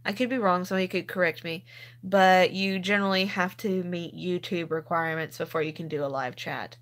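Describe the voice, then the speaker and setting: A woman's voice: fairly low pitch, steady tone, brisk. A woman hosting a casual live stream, chatting and laughing as she reads out viewer comments and explains things step by step. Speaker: couponing channel host.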